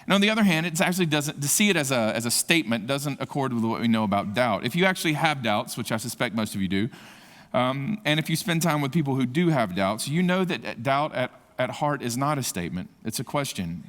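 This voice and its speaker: Impassioned preacher in a reverberant hall. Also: male voice, medium pitch, animated, brisk, fairly bright tone. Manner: impassioned, rising to emphatic peaks. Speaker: conference speaker. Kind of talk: sermon. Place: large conference hall.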